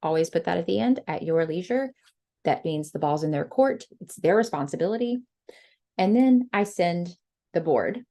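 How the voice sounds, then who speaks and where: A young woman giving lively, chatty sales coaching on a group call, acting out bits of dialogue. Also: lowish voice. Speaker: sales trainer.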